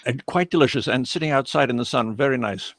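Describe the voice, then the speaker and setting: An older man with an educated British accent, joining a chat as a guest and speaking in a dry, wry, measured way. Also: medium pitch. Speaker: guest, host's father. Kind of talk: casual chat on a call.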